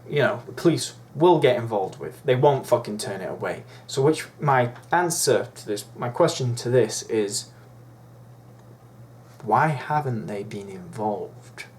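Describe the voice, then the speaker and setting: Young man, swearing, indignant, rambling, mid-pitched vlogger. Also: lively intonation, a little slow. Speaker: YouTuber. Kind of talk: ranting vlog monologue.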